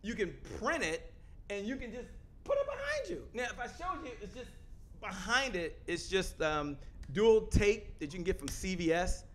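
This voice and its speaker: Loud fast-talking man pitching to camera. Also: big pitch swings. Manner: loud, fast-talking, emphatic, repeats phrases. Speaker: host. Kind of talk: energetic sales pitch to camera. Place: home studio with a photo wall backdrop.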